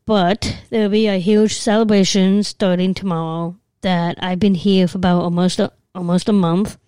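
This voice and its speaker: A woman co-hosting a podcast in casual chat, hesitant with many pauses and ums. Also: fairly low pitch, steady tone, warm tone, smooth, no echo. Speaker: podcast co-host. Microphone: studio mic.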